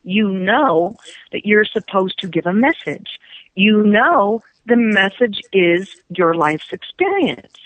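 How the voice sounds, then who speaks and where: A woman's voice: medium pitch, animated, slow pace, no room sound. A woman in her fifties, a psychic guest on a radio chat, telling stories animatedly and laughing often, heard through dull lo-fi radio sound. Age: 50s.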